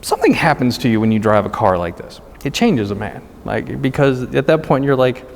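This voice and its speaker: A man's voice: mid-range voice, sing-song, brisk, creaky, in a large hall, slight background noise. A middle-aged man telling a casual story in a wry, self-mocking way, full of fillers and restarts. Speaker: guest storyteller.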